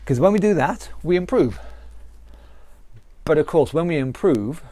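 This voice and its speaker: An earnest man with a British accent teaching a live online fitness class, circling back to his points again and again. His voice is mellow and low-key, and the sound is dry and close, with little room around it. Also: animated, unhurried, no echo. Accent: British English. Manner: earnest, repetitive explaining with restarts. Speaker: fitness instructor.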